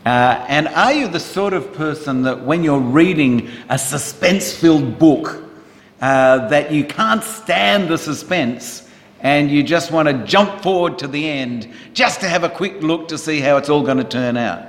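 A pastor with a slightly high voice preaches unhurriedly in church, chatting with his congregation and putting questions to them conversationally. The recording carries the roomy reverb of a church hall.

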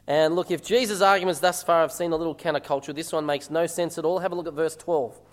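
A man's voice: a little high, steady tone, fast, long reverb tail. A man preaching a sermon as a minister, talking conversationally and asking the congregation rhetorical questions.

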